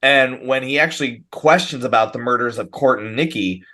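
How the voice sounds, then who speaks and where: A man co-hosting a casual film podcast, talking things through in a relaxed way. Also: mid-range voice, normal speed. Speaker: podcast co-host. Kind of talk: casual chat.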